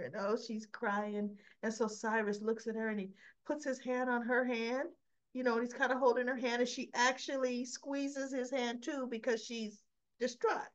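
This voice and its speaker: A woman's voice: medium pitch, fairly even intonation, unhurried. A woman casually recapping a soap opera episode, chatty, briefly acting out the characters' quoted lines in her telling. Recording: slightly dull lo-fi recording.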